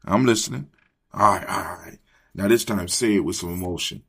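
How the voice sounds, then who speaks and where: A man's voice: sits low, normal speed, a bit bright, husky. A man hosting a motivational morning talk, leading his listeners in call-and-response and repeating phrases like a preacher. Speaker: host.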